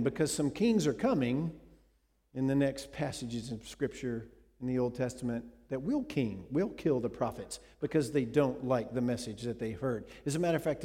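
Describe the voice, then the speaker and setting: Male preacher, sermon storytelling, dramatic, asks listeners questions, mellow voice, long hall echo. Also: mid-range voice.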